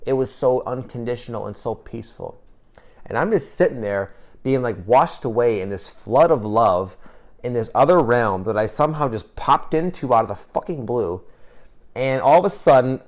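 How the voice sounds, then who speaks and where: A man's voice: mid-range voice, lively intonation, normal speed, a little mellow. A man in his twenties telling a personal story to camera in a casual, emotional way, swearing freely and restarting his sentences. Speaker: vlogger.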